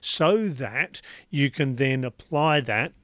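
A man on a radio relationship show who lays out each point slowly and deliberately, leaning on pauses. His mid-pitched voice is recorded close and dry, with no room sound at all. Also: expressive, a bit bright, no room sound. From Australia. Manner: slow, deliberate explaining with light laughs. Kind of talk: casual radio chat.

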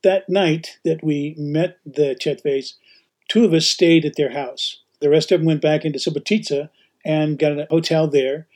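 A man hosting a podcast and teaching, telling anecdotes in casual chat, animated and often laughing. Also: on the high side, normal speed. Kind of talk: casual storytelling.

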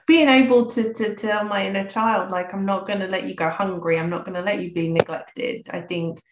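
A woman speaks slowly and thoughtfully as a podcast guest, reading a personal letter aloud. Her voice is heartfelt and sometimes emotional. The room adds a clear echo. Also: mid-range voice, fairly even intonation.

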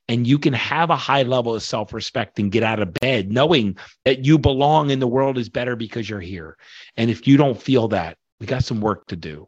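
A man's voice: medium pitch, normal speed, slightly rough, no echo, highs cut off. A man in his forties, a podcast guest, talking passionately and a bit preachy about self-worth. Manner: passionate, preachy, casual swearing. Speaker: guest, workshop leader. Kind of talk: motivational podcast conversation.

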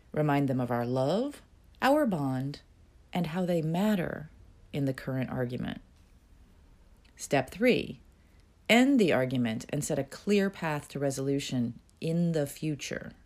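A woman reading aloud a piece she wrote, in a frank, wry and expressive way. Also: sits low. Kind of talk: reading her own written piece aloud.

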